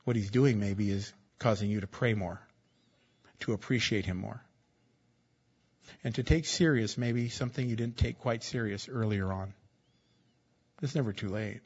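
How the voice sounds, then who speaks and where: A man's voice: lowish voice, normal speed, long pauses, darkish tone, slightly rough, lo-fi sound. A man preaching a sermon as pastor, in a conversational, joking style that repeats key phrases.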